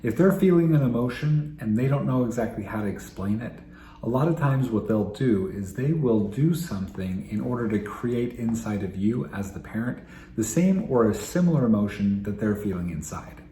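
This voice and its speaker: A male family therapist giving calm, explanatory parenting advice to camera, repeating his key points. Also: lowish voice, moderate pace, slight background noise. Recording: roomy echo, faint ambience.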